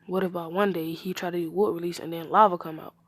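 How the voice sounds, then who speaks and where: A woman's voice: fairly low pitch, steady tone, quick pace, dry recording, natural voice. A woman voicing a dutiful male ninja officer who is polite and wary and often drops his voice.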